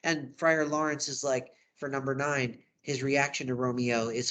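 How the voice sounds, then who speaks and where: A man's voice: mid-range voice, level tone, normal speed, a bit bright. A man teaching drama, walking through a study guide in a casual, conversational way. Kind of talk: lesson recap video.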